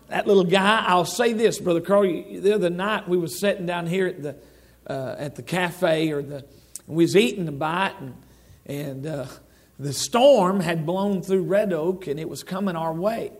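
A man's voice: sits high, normal speed. A middle-aged man preaching a sermon in a church, folksy and rambling, with lots of restarts and asides to the congregation. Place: church sanctuary.

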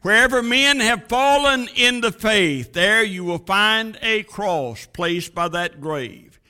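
A man preaching a sermon with a dramatic cadence, rising to booming lines and dropping to a hush. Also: expressive, slow, smooth.

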